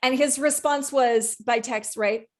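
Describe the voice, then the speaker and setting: A woman's voice: high-pitched, fairly even intonation, a little slow. A woman co-hosting a podcast and coaching, chatting casually and candidly, swearing freely as she tells stories with animation.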